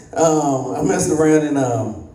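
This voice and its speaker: A man's voice: fairly high pitch, dark tone. A man in his thirties doing a stand-up comedy set, acting out voices and laughing at his own jokes. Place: comedy club stage. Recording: echoey room, voice slightly distant.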